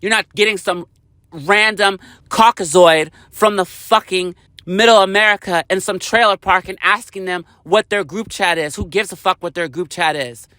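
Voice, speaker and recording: Male vlogger, high bright voice, angry profane rant, dry close sound. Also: moderate pace, no room sound. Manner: heated, profane, emphatic.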